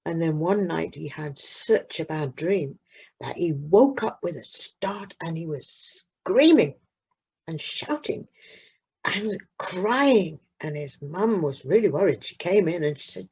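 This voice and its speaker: A woman narrating a children's story slowly and expressively, leaning into pauses. Her voice is husky with a gravelly edge. The recording sounds dull and lo-fi. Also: lowish voice. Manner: slow, expressive, dramatic pauses. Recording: muffled lo-fi recording.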